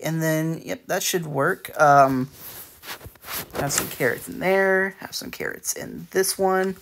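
Male gamer, casual build commentary, gravelly voice, hesitant, lots of restarts. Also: a little high, a bit bright. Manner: rambling, hesitant, frequent fillers and restarts. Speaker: let's play creator.

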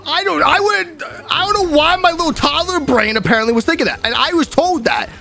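Giggly high-voiced young man gaming. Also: lively intonation, brisk, vocal fry, sharp tone. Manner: giggly, crude joking. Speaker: gaming channel host. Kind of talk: casual gaming banter.

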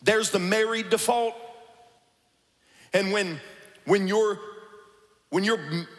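A male pastor preaching a sermon in an animated way, at times rising to a shout or a sing-song cadence. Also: sits high, slow, in a large hall. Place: church sanctuary.

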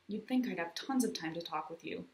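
A woman's voice: on the low side, expressive, a little fast, gravelly, roomy sound. A woman voicing an earnest young boy who prays aloud in a children's story, pleading and sincere.

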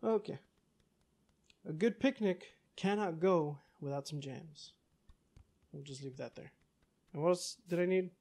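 A man giving casual let's-play commentary, talking back to the game's characters, cursing and breaking into yells. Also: fairly high pitch, unhurried, pauses often. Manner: excitable, curses, talks back to game characters, yells in bursts. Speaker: gaming YouTuber.

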